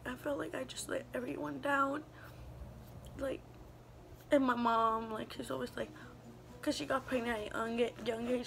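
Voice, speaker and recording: A young woman in her teens telling a personal story in a halting, subdued way, full of fillers. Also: high voice, creaky, a bit bright, a little hiss or hum. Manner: halting, filler-heavy with many "like"s; subdued, emotional retelling. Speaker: vlogger. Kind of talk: storytime vlog.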